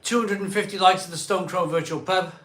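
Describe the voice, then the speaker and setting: A man's voice: high-pitched, steady tone, a bit bright. A middle-aged man hosting a casual live stream, reading out viewer comments and bantering with mild swearing. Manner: chatty, rattles off place names in a quick list.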